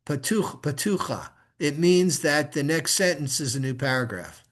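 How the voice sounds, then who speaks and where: A man's voice: fairly high pitch, expressive. A man teaching a student to chant Hebrew scripture, patiently modeling each word for her to repeat. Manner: patient, slow, models words for repetition. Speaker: rabbi teaching Torah reading. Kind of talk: one-on-one lesson on chanting.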